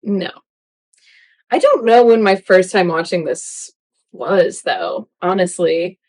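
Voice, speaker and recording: A woman's voice: lowish voice, slow, darkish tone. A woman co-hosting a podcast in casual chat, chatty and full of "like". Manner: chatty, uses "like" a lot. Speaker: podcast co-host.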